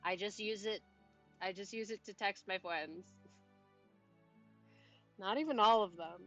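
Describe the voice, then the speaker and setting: A woman streaming a game live, chatting casually and rambling, often cutting herself off and laughing softly. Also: medium pitch, measured pace, highs cut off, faint music behind. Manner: rambling, self-interrupting, chatty with little laughs. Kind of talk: casual live-stream chat while playing.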